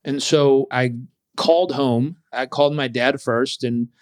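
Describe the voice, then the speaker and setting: Animated male storyteller, dry sound. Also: medium pitch, measured pace, dry recording. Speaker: guest. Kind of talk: personal storytelling in an interview.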